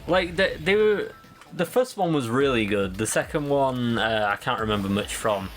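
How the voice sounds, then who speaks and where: A man's voice: mid-range voice, lively intonation, normal speed, soft background music. A man with a Manchester accent co-commenting on a game, making joking asides and giggling. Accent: Mancunian. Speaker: let's play co-host. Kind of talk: casual gameplay chat.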